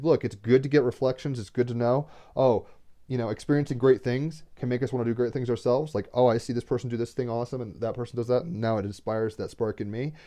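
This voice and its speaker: A man's voice: medium pitch, warm tone. Emotional, rambling man reading tarot cards. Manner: rambling, emotional, swears casually. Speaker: tarot card reader. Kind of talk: casual spiritual card reading.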